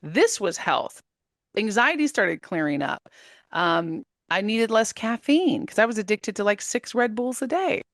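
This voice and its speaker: A woman in her thirties, an interview guest, telling her story in lively casual talk and laughing often. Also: mid-range voice, a little slow, dry recording, studio quality. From United States.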